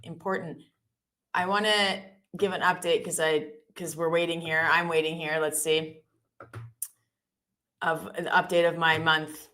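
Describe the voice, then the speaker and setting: A woman hosting a live trading stream, chatty and joking with quick asides. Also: deep voice, flat delivery, pushed and bright. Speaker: live-stream host trader. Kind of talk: casual live-stream chat.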